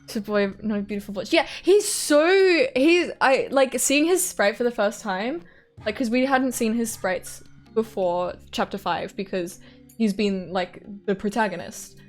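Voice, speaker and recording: A woman's voice: fairly high pitch, measured pace, faint music behind. A woman streamer giving giggly, casual and profane commentary while reading through a visual novel.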